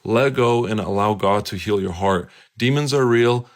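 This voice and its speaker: A preacher telling a personal story in an earnest, emphatic way and urging listeners directly. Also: male voice, lowish voice, normal speed. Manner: earnest and emphatic, urgent appeals.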